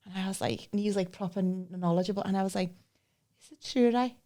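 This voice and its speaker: A woman's voice: medium pitch, fast. A woman, co-hosting a podcast and telling funny stories in a casual chat, doing voices of the people in them. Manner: lively, animated impressions of people in her stories. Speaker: podcast co-host.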